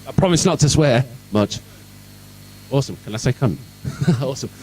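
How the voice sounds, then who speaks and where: In an event hall, a Birmingham man with the local accent delivers a sweary, sarcastic conference talk packed with jokes. His middle-pitched voice has lively intonation and a moderate pace, picked up off-mic from some distance with a little hiss or hum.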